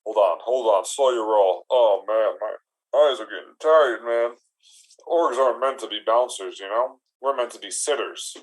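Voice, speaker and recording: A man playing a laid-back male orc bouncer in an improv comedy scene. He talks slowly and deadpan in an everyday voice, rambling on about his lonely life. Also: medium pitch, close to an everyday voice, poor audio.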